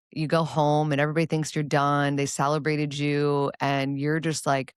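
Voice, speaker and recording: A woman's voice: low voice, flat delivery, normal speed, few pauses, smooth, no echo, clean studio sound. A woman guest on a podcast who talks in an earnest, encouraging way as she gives advice. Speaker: guest, cancer survivor. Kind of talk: casual interview chat.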